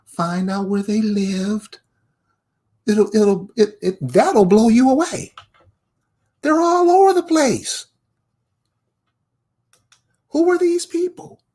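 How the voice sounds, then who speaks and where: A man's voice: high-pitched, takes it slowly, long pauses, warm tone. A man delivering a confrontational commentary, firing rhetorical questions straight at the viewer. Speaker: online commentator. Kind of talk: ranting commentary to camera.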